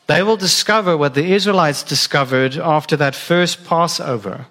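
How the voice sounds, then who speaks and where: A man's voice: a little high, moderate pace, bright, forceful tone. A man preaching a sermon in a conversational way, asking the listeners direct questions. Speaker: pastor.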